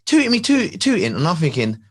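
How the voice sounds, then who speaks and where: Man, husky voice, very lively pitch, casual storytelling, slang. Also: fast. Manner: animated, laughing storyteller with slang. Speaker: podcast co-host.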